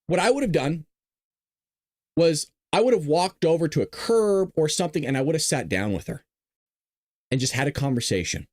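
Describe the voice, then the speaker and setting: A man's voice: on the high side, very animated, moderate pace, pauses often, a little mellow, dry recording. A man hosting a podcast, talking casually and emotionally, choked up and rambling. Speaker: podcast host. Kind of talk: casual commentary.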